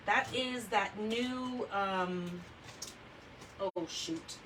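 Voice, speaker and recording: A woman hosting a live card-making session from her craft table at home, chatting in an animated way and often saying "like" and "oh my gosh". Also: medium pitch, drawn-out words, slight background noise. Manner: chatty, animated storyteller, says "oh my gosh" and "like" a lot. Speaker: papercraft livestream host. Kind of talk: casual chat while demonstrating card making.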